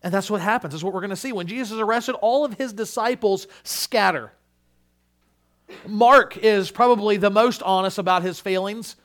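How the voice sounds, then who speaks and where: A man with a high voice delivers a sermon. He talks earnestly, often repeating the first word of a phrase, and his delivery swings between soft, low phrases and loud, high climaxes. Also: normal speed. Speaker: pastor.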